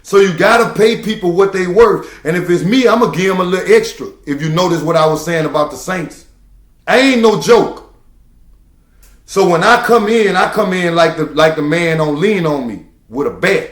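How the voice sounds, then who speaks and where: A man's voice: sits high, animated, moderate pace, reverberant. A man who drives trucks, talking to the camera in a preachy, emphatic way and hammering home repeated phrases. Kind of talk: casual monologue to camera.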